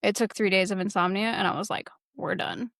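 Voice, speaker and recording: A woman's voice: medium pitch, steady tone, quick pace, a bit bright, no echo, studio quality. A young woman co-hosting a podcast, chatting candidly and rambling with lots of fillers. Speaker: podcast co-host. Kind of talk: casual chat.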